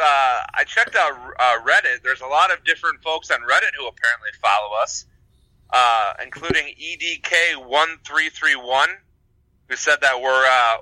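Man, podcast co-host, casual chat, bright forward voice, dry close sound. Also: medium pitch, no room sound, rough recording. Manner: laughs often, hesitant with many fillers.

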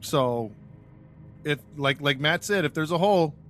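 A man's voice: a little high, lively intonation, measured pace, fairly bright tone, faint music behind. A man hosting a podcast in casual chat, telling a story with jokes and laughs. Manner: jokey storyteller, laughs often. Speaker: podcast host.

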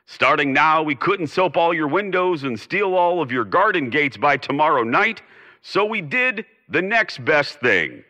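A man's voice: fairly high pitch, bright, forceful tone, in a large hall. Theatrical man with sweeping delivery. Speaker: radio theater host. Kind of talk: theatrical radio sign-off.

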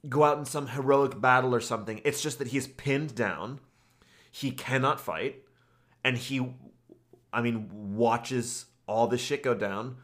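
A man's voice: mid-range voice, fairly bright tone. A man co-hosting a podcast, talking casually about an anime and often stammering and repeating words. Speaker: podcast co-host.

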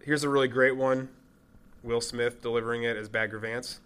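A man's voice: mid-range voice, steady tone, moderate pace, fairly bright tone, clear, resonant tone. A man co-hosting a podcast in casual chat, easygoing and joking. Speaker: podcast co-host.

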